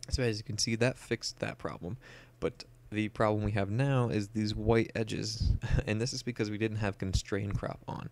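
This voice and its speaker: Speaking at a normal speed with few pauses, a young man uses a lowish voice and steady tone to talk casually through a photo editing tutorial. In this screen-recorded walkthrough he explains each step, using plenty of "uh" and "um."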